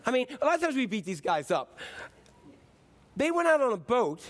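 A man's voice: very high-pitched, very animated, normal speed, a bit bright. A man preaching a sermon in a casual, playful way, acting out the story. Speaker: pastor.

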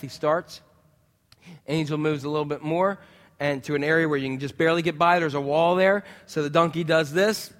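A male preacher delivers a sermon with animated storytelling, acting out voices as he goes. His voice sits high for a man, and the church hall adds a long, lingering reverb. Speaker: pastor.

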